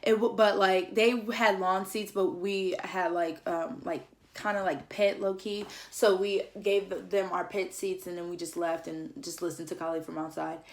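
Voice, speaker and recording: A woman's voice: on the low side, moderate pace, hardly any pauses. A young woman vlogger telling a story in a chatty, slangy way, full of "like" and acted-out lines. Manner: animated, acts out others' lines. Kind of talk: casual storytelling.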